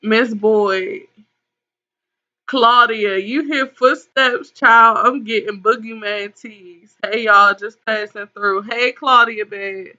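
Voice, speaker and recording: Slow, bright-voiced woman live-streaming. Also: a little high, fairly even intonation. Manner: concerned, talks straight to viewers with pet names. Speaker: tarot reader hosting a live call-in stream. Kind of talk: casual live-stream chat, reading viewer comments aloud. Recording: dull lo-fi stream audio.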